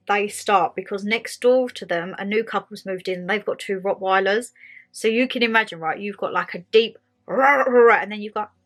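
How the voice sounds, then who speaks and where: A woman hosting a casual chat video, ranting animatedly and acting out what people say. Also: on the high side. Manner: animated storyteller, acts out quotes, laughs often. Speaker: vlog host. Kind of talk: casual chatty rant. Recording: faint music underneath.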